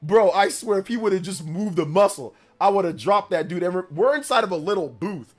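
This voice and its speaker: A man's voice: high-pitched, fairly quick. A man hosting a casual gaming livestream, telling rambling stories in slangy talk full of "bro" and "like". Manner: rambling storyteller, slangy, says "bro" and "like" often; grows loud and animated when telling a story. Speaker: gaming news streamer.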